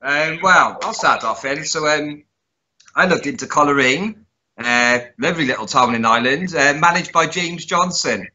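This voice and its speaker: A man co-hosting a casual podcast, making dry deadpan jokes with hesitant ums. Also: on the high side, normal speed. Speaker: co-host. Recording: slightly dull lo-fi sound.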